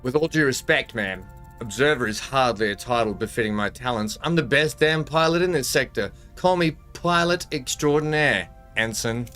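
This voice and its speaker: A man's voice: medium pitch, animated, normal speed, fairly bright tone, soft background music, close to an everyday voice. A man reading the lines of a cocky, boastful male hotshot pilot in a brash way.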